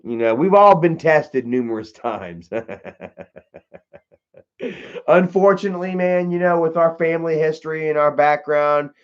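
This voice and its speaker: A high-voiced man hosts a livestream and answers his chat in a loose, rambling way. He swears freely and ends his phrases with "man" or "bro". The stream audio is dull and lo-fi. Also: a little slow, long pauses, clean tone. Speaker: livestream host. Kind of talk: casual storytelling to live chat.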